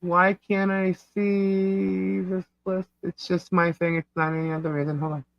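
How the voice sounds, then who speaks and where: A man with a New York accent co-hosting a casual livestream, reading chat comments out loud in a scattered, distracted way. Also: high-pitched, little pitch movement, measured pace, vocal fry, no room sound, lo-fi sound. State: hiccups. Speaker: livestream co-host. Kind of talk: casual live-stream chat.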